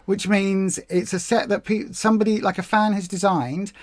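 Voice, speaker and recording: A woman co-hosting a casual livestream chat, talkative and excitable with quick asides. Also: mid-range voice, no echo. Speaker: co-host of a weight loss livestream.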